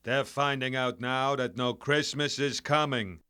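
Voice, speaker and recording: A man putting on a smooth crooner's voice with a swinging delivery. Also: mid-range voice, measured pace, pushed and bright. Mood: smug.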